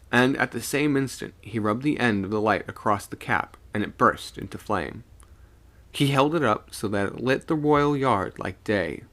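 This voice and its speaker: A man reading a spooky sea story aloud on a live stream, animated, with small stumbles and self-corrections. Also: on the low side.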